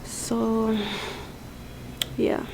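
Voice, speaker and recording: A woman's voice: extremely slow, background noise. A woman from Jamaica talking casually to her camera in an airport terminal, chatty and full of fillers. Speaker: vlogger.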